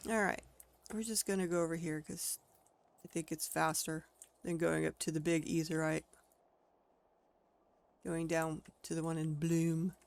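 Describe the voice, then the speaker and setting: A woman's voice: low voice, little pitch movement, measured pace, creaky, long pauses. A woman streaming a video game, talking casually as she plays, thinking aloud and exclaiming at what she finds. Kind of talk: casual gameplay commentary.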